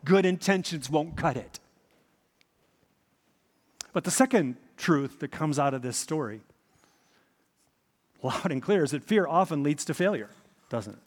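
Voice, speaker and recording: A man preaching a sermon as pastor, telling the story with expressive, dramatic emphasis. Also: fairly high pitch. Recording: reverberant hall.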